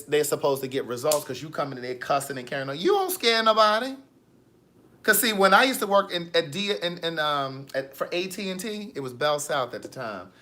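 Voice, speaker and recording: A man hosting a casual live stream, reading viewer comments with sassy, animated storytelling. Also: fairly high pitch.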